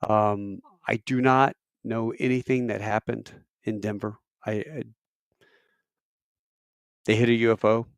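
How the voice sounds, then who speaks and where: Gravelly low-voiced man chatting on a live stream. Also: little pitch movement, unhurried, pauses often, no room sound. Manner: rambling storyteller with fillers and restarts. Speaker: airline crew member streaming live. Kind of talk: casual live-stream chat. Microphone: camera mic on a live stream.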